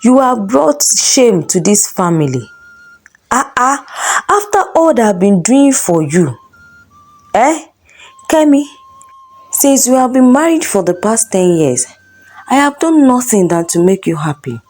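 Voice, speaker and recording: A woman voicing a jealous middle-aged husband who shouts accusations at his wife. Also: mid-range voice, big pitch swings, normal speed. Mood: furious shouting.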